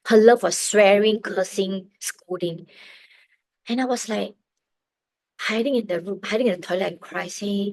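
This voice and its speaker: Middle-aged woman telling her faith story; earnest, halting, close and dry. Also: medium pitch, no room sound, low-quality recording. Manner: earnest, emotional, halting with restarts. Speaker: testimony speaker. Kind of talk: personal faith testimony.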